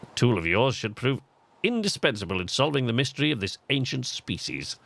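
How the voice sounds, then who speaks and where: A cheerful alien astronomer with an English accent, as a streamer voices him, talking warmly to a new astronaut in a video game. His bright, gravelly voice jumps up and down lively, with faint game music playing underneath. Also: medium pitch, a little fast, heavily acted. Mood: encouraging. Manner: warm, encouraging, chatty. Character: cheerful male alien astronomer, friendly mentor.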